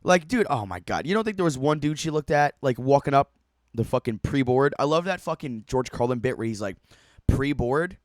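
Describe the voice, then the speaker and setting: A man's voice: mid-range voice, animated, fairly quick, dry recording, clean studio sound. A man streaming a reaction to a video, giving profane, mocking running commentary and laughing often.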